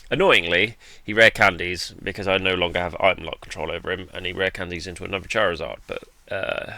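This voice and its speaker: A man's voice: low-pitched, fairly even intonation, fast, gravelly, bright, forceful tone. A man giving laid-back, self-deprecating commentary over his own card game match, with the odd bit of mild swearing. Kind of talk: casual gameplay commentary.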